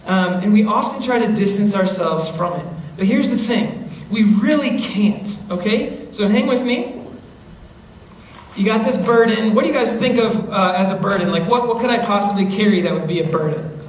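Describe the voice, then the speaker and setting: A young man giving an animated youth talk to middle schoolers, often checking in with his listeners and acting out their voices. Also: high voice, normal speed. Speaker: youth speaker. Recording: roomy, distant mic with faint noise.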